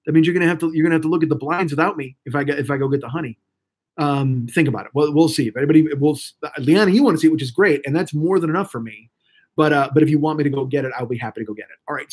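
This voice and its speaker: Fast-talking husky man. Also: on the high side. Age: 40s. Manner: profane, rambling, often restarts mid-sentence. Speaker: live streamer. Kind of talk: casual rambling chat to a live audience.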